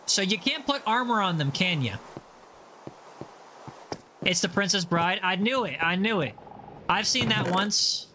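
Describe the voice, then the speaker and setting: During a relaxed gaming livestream, a male host chats casually, reading viewer messages aloud and teasing them playfully. His voice is high, bright and forward, animated but measured, with frequent pauses. A faint hiss of background noise sits under it.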